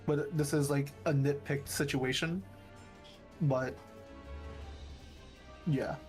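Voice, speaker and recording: A man on voice chat calmly going over raid tactics, hedging a lot with fillers. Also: on the high side, takes it slowly, faint music behind. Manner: hedging, full of "like", explains calmly. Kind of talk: casual strategy talk over voice chat.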